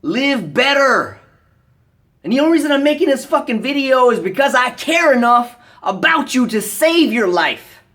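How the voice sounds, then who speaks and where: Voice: high voice, very animated, moderate pace. Profane, scolding American vlogger. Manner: profane, blunt, scolding, bursts of shouting. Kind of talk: angry rant to camera.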